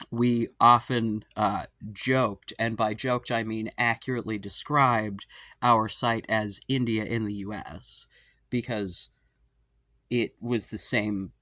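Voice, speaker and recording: A man's voice: mid-range voice, fairly bright tone, dry recording, studio quality. A man in his forties hosting an advice show, talking in a casual, rambling monologue. He swears freely, makes fun of himself and keeps drifting off topic. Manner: profane, self-deprecating, tangent-prone. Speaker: advice podcast host.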